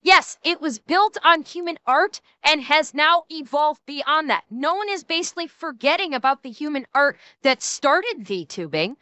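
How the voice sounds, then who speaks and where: A woman's voice: high-pitched, lively intonation, a little slow, few pauses, sharp tone, dry recording. A woman streamer giving a blunt, lecturing commentary and swearing casually as she talks.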